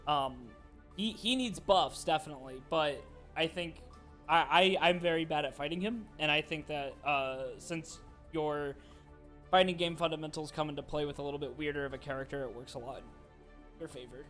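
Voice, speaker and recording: A man's voice: fairly high pitch, moderate pace, fairly bright tone, soft background music. Stammering, laughing man on a gaming stream. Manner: hesitant, stammering, laughs often. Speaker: streamer playing a fighting game. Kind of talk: casual gaming chat.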